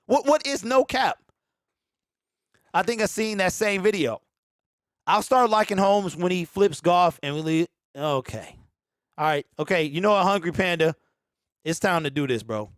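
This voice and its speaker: Hosting a casual sports fan live-stream, a man in his forties reads and riffs on viewer comments, laughing often and addressing the audience directly. His voice sits high for a man and swings widely in pitch, animated throughout. The sound is close and dry, with almost no room and no echo.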